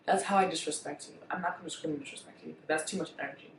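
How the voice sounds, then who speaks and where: A woman vlogger telling a storytime in a blunt, profane, animated way. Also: low-pitched, rapid-fire, gravelly, reverberant, distant mic, a little hiss or hum, rough recording. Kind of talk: storytime vlog.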